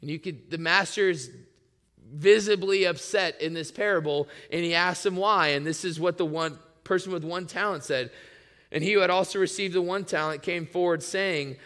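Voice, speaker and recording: A man preaching a sermon in a casual, excitable way, often filling his speech with "like". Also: high-pitched, moderate pace. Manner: casual and excitable, many "like" fillers. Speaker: pastor. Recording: long reverb in a large hall.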